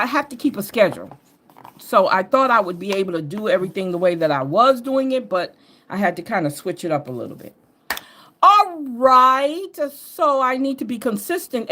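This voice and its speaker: A woman's voice: medium pitch, sharp tone, a little hiss or hum. A woman from New York with a Southern drawl picked up over the years, hosting a reading show in a chatty, rambling way with laughs and self-corrections. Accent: Southern US drawl over an upstate New York base. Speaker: host and astrology reader. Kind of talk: casual rambling chat.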